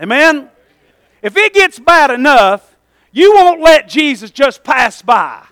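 Male pastor, very high and forceful voice, fervent sermon, folksy, calls for amen, dry close sound. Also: sing-song, slow pace, no echo.

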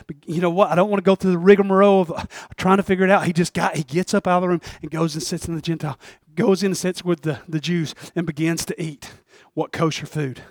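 A man preaching a sermon, calling for amens and swinging between shouts and hushed asides. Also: high-pitched, no echo, clean studio sound. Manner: calls for amens from the congregation. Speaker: pastor.

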